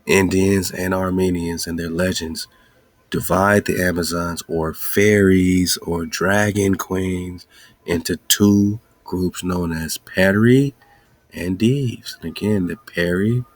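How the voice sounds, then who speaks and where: A man with a very low voice talks slowly and unhurriedly. His tone is husky, and the dry, close sound leaves no room echo behind it. He muses aloud and keeps asking rhetorical questions. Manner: rhetorical questions, excited musing. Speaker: podcast host. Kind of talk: casual monologue.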